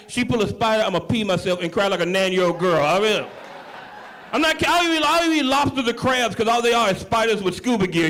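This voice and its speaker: A man doing a stand-up comedy set on stage, brash and animated, punching up his lines. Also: very high voice.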